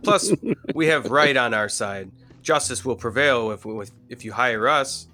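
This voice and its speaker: A man's voice: medium pitch, animated, measured pace, bright, forceful tone. A man playing a tabletop game, goofy, playful and boisterous. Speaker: player. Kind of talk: casual tabletop play.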